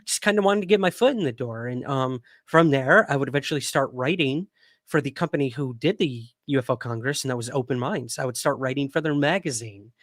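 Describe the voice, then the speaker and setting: A man's voice: medium pitch, brisk, a bit bright, no echo. Chatty male livestream host, dry sound. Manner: chatty, rambling, with frequent fillers and laughs. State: hiccuping. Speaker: podcast host. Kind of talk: casual livestream chat.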